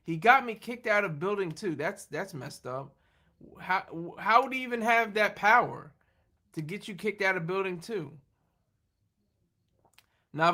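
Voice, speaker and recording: Man, casual stream chat, high voice, bright tone, rambling, laughs a lot. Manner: rambling, laughing, self-deprecating; reads and answers viewer chat. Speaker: livestream host.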